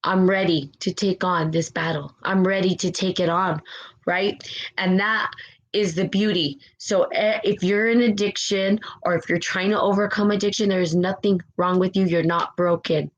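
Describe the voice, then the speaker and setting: A woman's voice: on the low side, fairly even intonation, moderate pace, highs cut off. Fervent, tearful woman speaking on recovery. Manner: fervent and emotional, repeats phrases, asks "right?". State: close to tears. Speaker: host of a spiritual live stream. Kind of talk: impassioned motivational talk, reading viewer comments.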